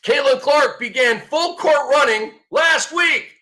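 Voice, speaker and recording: A man in his fifties hosting a sports show, talking in a sarcastic, excitable way and breaking into mock shouts. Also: very high voice, takes it slowly. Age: 50s. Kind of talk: animated sports commentary.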